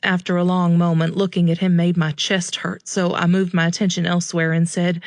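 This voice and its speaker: A woman narrating a first-person romance audiobook in a calm, steady, measured way. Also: fairly low pitch, no room sound, clean studio sound.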